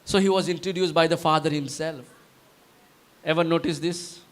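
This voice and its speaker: A man with an Indian English accent, preaching a live sermon, halting and searching for words, booming out whenever he quotes the voice from heaven. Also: steady tone. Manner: booming when quoting the voice from heaven. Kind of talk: live sermon with Bible teaching.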